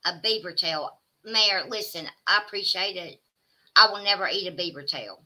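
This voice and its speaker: A woman's voice: fairly low pitch, normal speed, bright, forceful tone. A woman with a Southern American accent, chatting casually with her livestream viewers and reading their comments aloud. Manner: chatty, exclaiming, drawling asides to chat. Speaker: livestream host reading chat. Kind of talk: casual chat.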